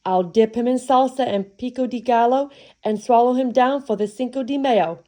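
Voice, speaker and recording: A woman's voice: on the high side, moderate pace, close to an everyday voice. A woman voicing a huge, greedy male giant who roars his lines, in a storybook reading. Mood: menacing. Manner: loud roaring.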